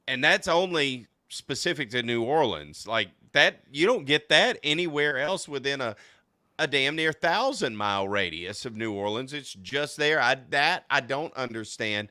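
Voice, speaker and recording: A man from Louisiana hosts a laid-back podcast conversation, his voice bright and crisply clear. He talks excitably, laughing often and stumbling through quick restarts. The sound is dry and close, with no room around it. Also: medium pitch, dry recording. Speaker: podcast host. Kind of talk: casual podcast chat.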